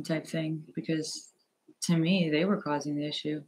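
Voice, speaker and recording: Young man, nervous confessional vlog, halting and rambling, high voice, monotone. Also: low-quality recording. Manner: halting, rambling, filler-heavy; nervous, hesitant. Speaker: vlogger. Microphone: earphones headset.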